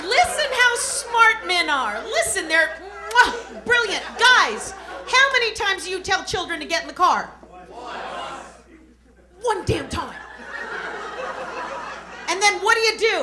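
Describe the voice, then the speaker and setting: Very high-pitched loud woman comic. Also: very animated, unhurried, pauses often, a crowd in the background. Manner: loud, exaggerated, frequently shouting and laughing. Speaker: stand-up comic. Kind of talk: stand-up comedy set. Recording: live club with audience laughter and noise.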